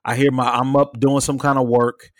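A young adult man casually telling a story as podcast co-host, animated, swearing freely and acting out the people and cat sounds in it. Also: medium pitch, moderate pace, no echo. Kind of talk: casual chat.

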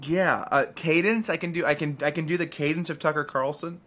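A man co-hosting a podcast in casual chat, playful and quick to riff and joke. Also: a little high, steady tone, fairly bright tone. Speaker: podcast co-host.

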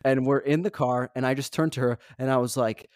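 A man's voice: medium pitch, fairly even intonation, brisk, a little mellow, no echo, studio quality. A man co-hosting a podcast, telling candid self-mocking stories in casual chat, full of fillers and asides. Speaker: podcast co-host.

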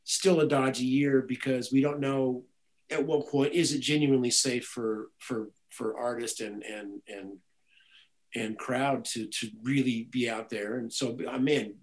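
A guitarist and music director tells stories in a casual interview, rambling and animated with many restarts. His voice is mid-range and unhurried, and the audio is poor.

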